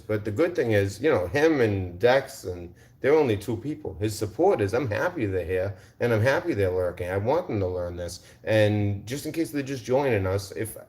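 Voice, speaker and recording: Angry ranting man, low voice. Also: a little mellow. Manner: confrontational, repeats rhetorical questions; swears, taunts viewers in chat. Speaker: livestream host. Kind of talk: heated livestream rant.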